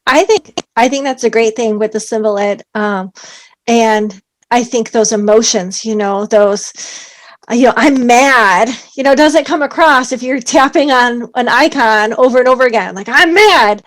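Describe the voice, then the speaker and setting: Upbeat woman guest, higher voice. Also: normal speed. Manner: upbeat, uses expressive example voices; frequent "um" fillers. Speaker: guest, speech-language pathologist. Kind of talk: conversational interview.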